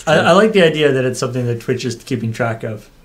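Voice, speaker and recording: A man's voice: mid-range voice, expressive, fast talker. A man co-hosting a stream, chatting casually with dry joking asides. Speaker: stream co-host. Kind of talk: casual chat.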